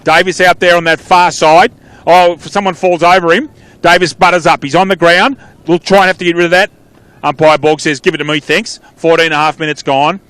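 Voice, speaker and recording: A man with an Australian accent calls a local footy match, his voice sitting a little higher than most men's. The sound is dry and close, with little room around it. He talks in quick bursts and trails off into chatty asides. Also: steady tone, fairly bright tone, clean tone, no echo. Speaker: play-by-play commentator. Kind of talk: live football commentary.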